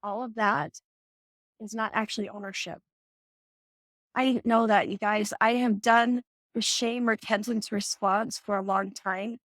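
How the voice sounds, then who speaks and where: A middle-aged woman hosts a live self-help session, speaking earnestly and directly to her viewers. She coaches them through emotional boundaries and acts out short sample conversations. Her voice sits at an ordinary pitch and sounds dry and close, with no room echo. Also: fairly even intonation, unhurried, fairly bright tone. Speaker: host.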